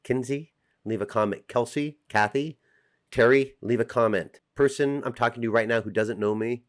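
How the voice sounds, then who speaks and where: A man's voice: mid-range voice, normal speed. Middle-aged American male vlogger, mid-range voice, chatty and teasing to camera. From United States. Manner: chatty, joking, direct address to viewers. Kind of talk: casual talk to camera.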